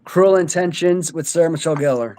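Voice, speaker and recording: A man's voice: a little high, brisk, a crowd in the background. A man in his forties, a laid-back podcast host who chats about films and laughs easily. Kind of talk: casual chat.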